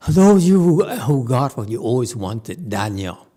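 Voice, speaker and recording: A man's voice: mid-range voice, big pitch swings, mellow. A man teaching a Buddhist sutra to a live group in a temple hall. He talks casually, stops often to check in with "okay?" and "hmm?", restarts his sentences, and makes dry jokes. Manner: halting restarts, playful asides. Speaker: Buddhist master giving a sutra lecture. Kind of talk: conversational Dharma lecture.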